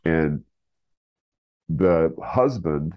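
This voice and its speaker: A man's voice: a bass voice, lively intonation, very slow, no echo. A man retelling a story as an interview guest, rambling with fillers and restarts. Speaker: guest, writer. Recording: slightly dull lo-fi recording.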